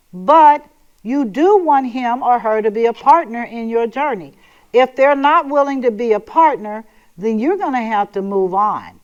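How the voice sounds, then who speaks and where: A woman's voice: a little high, smooth, muffled recording. A woman hosting a talk show, speaking in an emphatic, sassy and sometimes sarcastic monologue. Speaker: host.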